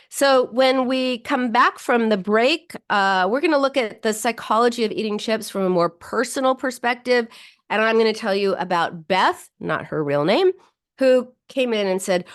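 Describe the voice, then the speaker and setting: A woman psychologist hosting a radio talk show and chatting with a livestream audience. She talks loosely, with restarts and fillers, and leaps up in pitch when she acts out people's inner thoughts. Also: measured pace, clear, resonant tone. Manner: animated, jumps higher when voicing inner thoughts.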